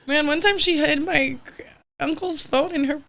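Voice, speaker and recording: High-voiced young woman, blunt and laughing. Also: moderate pace. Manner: blunt, animated storytelling with laughter. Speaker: podcast guest. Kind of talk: casual chat.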